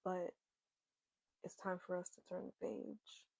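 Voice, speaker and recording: A woman doing an oracle card reading, giving gentle, earnest encouragement that repeats its key words. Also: on the low side, level tone, a little slow, creaky, dry recording, rough recording. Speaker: spiritual card reader.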